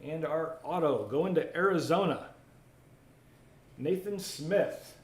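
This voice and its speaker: A man's voice: fairly high pitch, slow, a little mellow. A man hosting a live card break, chatting casually while opening packs and reading out viewer comments. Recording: roomy echo, faint ambient noise.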